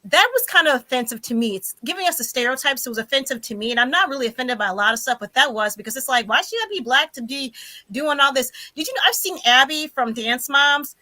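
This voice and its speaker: Bright, earnest woman guest. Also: sits high, expressive. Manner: earnest, halting, restarts her points. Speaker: guest joining the chat. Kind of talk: casual group chat.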